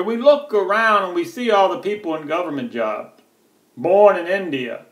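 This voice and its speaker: A man's voice: high voice, expressive, moderate pace. An American man delivering a heated, profane political rant to camera, sarcastic and mocking. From United States. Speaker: political vlogger. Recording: echoey room.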